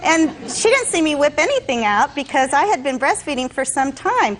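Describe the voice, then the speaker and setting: A woman's voice: high-pitched, very animated, normal speed, rough recording. A woman testifying as a defendant in court, telling her side in long detailed stories and acting out what others said.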